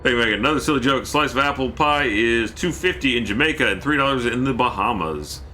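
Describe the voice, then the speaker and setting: A man's voice: mid-range voice, animated, fast, sharp tone, a little hiss or hum. A man streaming a game, chatting casually, joking and reading chat messages aloud. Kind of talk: casual gameplay commentary.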